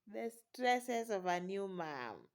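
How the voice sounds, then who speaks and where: A woman's voice: mid-range voice, sing-song, slow. A woman, a new mother, telling a personal story in an exclamatory, dramatic way with frequent laughter.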